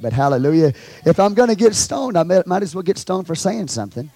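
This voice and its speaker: A Texan man preaches a sermon in a high tenor. He calls out to his congregation, swings from hushed asides to loud shouts, and the sound is close and dry. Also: big pitch swings, fast talker, no echo. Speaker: pastor. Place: church.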